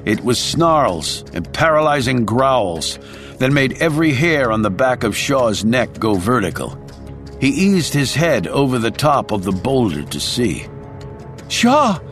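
A man's voice: mid-range voice, very animated, unhurried, soft background music. A man reading a thriller audiobook in a dramatic storytelling voice. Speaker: audiobook narrator. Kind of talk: scripted thriller narration.

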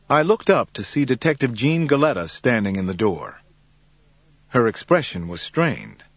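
A male narrator reads a first-person crime story, measured and tense, letting his pitch rise and fall with real life. The studio sound is close and dry, with no room in it. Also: sing-song, a bit bright, no room sound. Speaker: audiobook narrator.

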